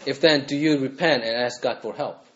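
A man's voice: mid-range voice, moderate pace. Earnest preacher man, dull lo-fi recording. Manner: earnest, asks the listeners repeated rhetorical questions. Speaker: pastor. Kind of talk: sermon.

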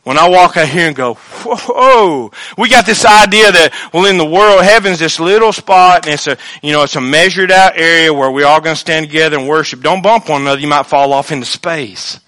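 A man preaching a sermon as pastor, animated, acting out quoted voices and swinging between loud outbursts and quiet asides. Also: fairly high pitch, a little fast, hardly any pauses.

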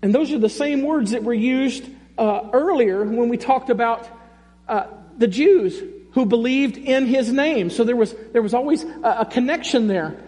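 High-pitched male pastor, slow and emphatic, reverberant sanctuary sound. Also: mellow. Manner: emphatic, repeats key phrases, conversational asides. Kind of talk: sermon. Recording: long reverb in a large hall.

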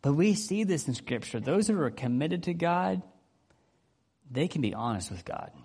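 A man's voice: on the high side, moderate pace, husky. A man preaching a casual, conversational sermon, acting out the people in the story as he goes. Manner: conversational, animated, acts out quotes. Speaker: pastor.

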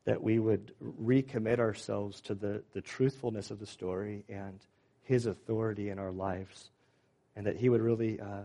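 A man's voice: fairly low pitch, mellow. A man preaching a sermon and leading a closing prayer, earnest and plain-spoken, with frequent fillers and repeated words. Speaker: pastor.

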